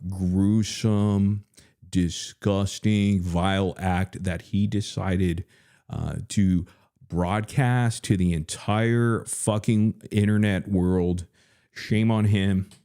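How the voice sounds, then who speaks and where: A man's voice: fairly low pitch, warm tone. A man hosting a livestream, ranting bluntly and profanely with many hesitant fillers. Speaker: livestream host.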